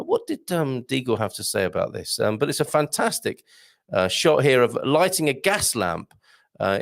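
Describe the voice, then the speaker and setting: A man's voice: medium pitch, vocal fry. A man hosting a casual livestream, chatting and greeting viewers by name, often laughing and rambling. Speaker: livestream host. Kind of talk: casual live chat reading viewer comments.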